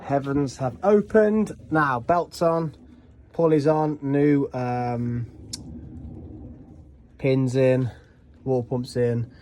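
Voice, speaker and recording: A man's voice: mid-range voice, drawn-out words, pauses often, a little mellow, a little hiss or hum. A man vlogging a car repair outdoors, chatting and explaining each step as he works. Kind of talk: casual hands-on vlog narration.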